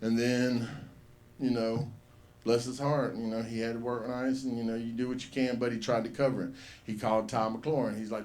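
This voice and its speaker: A man's voice: mid-range voice, steady tone, moderate pace. A man hosting an open mic, rambling through a profane story and acting out the voices in it. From US South. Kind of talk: stand-up storytelling. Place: comedy club stage.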